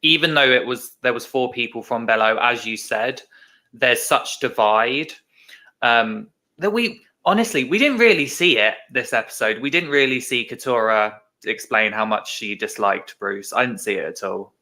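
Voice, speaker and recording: A man's voice: mid-range voice, moderate pace, bright, forceful tone. A man co-hosting a podcast, thinking aloud and correcting himself in casual discussion. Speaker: podcast co-host.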